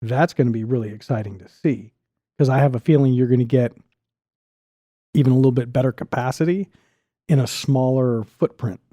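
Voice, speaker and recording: Man, middle-aged, enthusiastic, restarts often, warm mellow voice, dry close mic. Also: mid-range voice, no echo. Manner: enthusiastic, talks fast with restarts. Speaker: podcast guest. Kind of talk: casual podcast chat.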